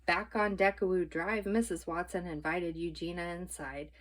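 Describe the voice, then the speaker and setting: Woman storyteller, clear and expressive, children's book read-aloud. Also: fairly low pitch, normal speed.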